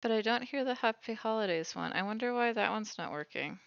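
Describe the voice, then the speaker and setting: A woman's voice: fairly high pitch, animated, a little fast, creaky, clean tone, no room sound, highs cut off. A woman streaming while she bakes, chatting casually and thinking aloud as she cooks. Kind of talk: casual livestream chat while baking.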